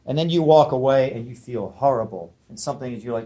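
A man's voice: mid-range voice, fast talker, dark tone. A man teaching a spiritual lecture to a live audience. He talks emphatically and conversationally, often checking in with his listeners.

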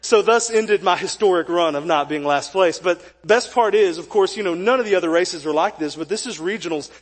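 Young male pastor, high-pitched and animated, joking through a sermon story. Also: brisk, husky. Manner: animated, jokey storytelling with acted quotes. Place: church sanctuary.

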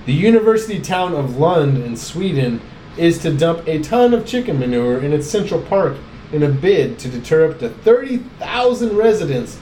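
A man's voice: a little high, dark tone. A man hosting a podcast, chatting casually, crude and joking while reading news stories aloud. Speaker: podcast host. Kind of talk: casual chat. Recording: echoey room, faint background noise.

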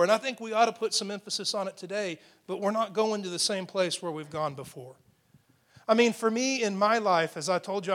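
A man's voice: sits high, a bit bright. A middle-aged man preaching a sermon, building intensity and asking rhetorical questions. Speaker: pastor.

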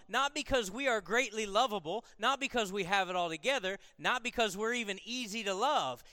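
A man's voice: high-pitched, pushed and bright, clear, resonant tone, no room sound, studio quality, long reverb tail. A man preaching a conversational sermon to a congregation, moving from casual asides to emphatic, repeated lines. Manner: conversational, building to emphatic repetition. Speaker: pastor.

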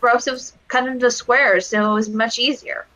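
A woman chats through a wrestling match on a casual podcast. Her voice is high and very bright. She rambles and restarts, with lots of fillers. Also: fairly even intonation, moderate pace, rough recording. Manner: rambling, giggly, full of fillers. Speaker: podcast co-host. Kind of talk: casual chat reviewing wrestling.

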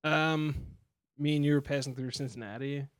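A man's voice: mid-range voice, steady tone, moderate pace, clean tone, no room sound, studio quality. A man in a casual podcast chat, talking bluntly and with plenty of swearing. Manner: blunt, profane. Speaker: podcast co-host and band member.

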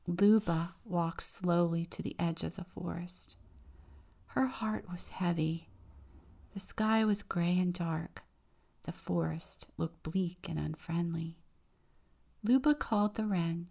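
A woman deacon reads a children's picture book aloud in a slow, expressive storytelling manner. Her voice sits somewhat low and carries a gravelly texture.

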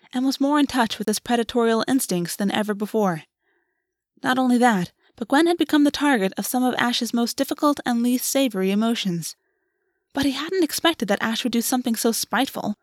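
A woman narrating a fantasy story aloud in a steady, even audiobook reading. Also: a little high, no room sound, studio quality.

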